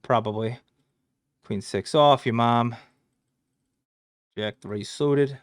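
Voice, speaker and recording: A man's voice: medium pitch, slow pace, smooth, no echo, clean studio sound. A man casually reviewing his poker hands, joking crudely and swearing as he goes. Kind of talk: casual hand review commentary.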